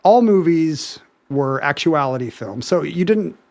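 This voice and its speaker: Male podcast co-host, higher-pitched voice, quick and wry, lays out facts between jokes. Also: lively intonation, darkish tone. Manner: quick, joking, explains at length. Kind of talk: casual chat.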